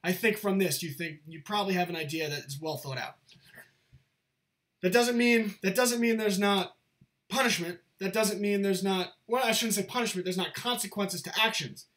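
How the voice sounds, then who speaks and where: Earnest high-voiced man lecturing. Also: normal speed, fairly bright tone. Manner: earnest, repeats himself, lecturing. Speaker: channel host. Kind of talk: casual monologue to camera.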